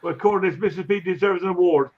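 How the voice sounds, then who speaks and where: A man hosting a casual livestream chat, chatty and quick to laugh as he greets viewers. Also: high voice. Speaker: livestream host. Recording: lo-fi dull audio.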